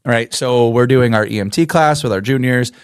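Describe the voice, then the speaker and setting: A man's voice: medium pitch, fairly quick, smooth, no room sound, clean studio sound. Man co-host telling a classroom story. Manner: animated storyteller acting out quotes, laughing. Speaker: podcast co-host, teacher. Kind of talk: casual chat, storytelling.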